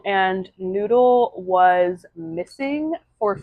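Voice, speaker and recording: A woman's voice: fairly low pitch, moderate pace, no echo, dull audio. A woman chatting casually to the camera in a home vlog, rambling and filling her speech with "um" and "like". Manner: chatty, rambling, lots of fillers like "um" and "like". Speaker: vlogger and aspiring novelist. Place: at home, indoors.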